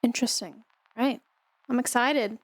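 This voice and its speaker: A woman's voice: fairly high pitch, measured pace, dry recording. Chatty woman gaming host. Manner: chatty, talks to viewers with fillers and asides. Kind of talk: casual gameplay commentary.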